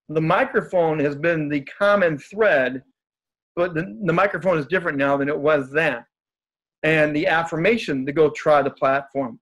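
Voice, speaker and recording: A man's voice: on the high side, a bit bright, highs cut off. A man who is a guest speaker, telling stories in a casual, upbeat and joking way. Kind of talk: casual storytelling in conversation.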